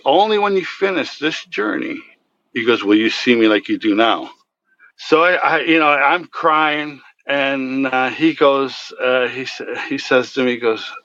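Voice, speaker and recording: A man earnestly telling of a dream in a halting way, with many fillers. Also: mid-range voice, a bit bright, dull audio. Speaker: guest telling his story. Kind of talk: personal storytelling.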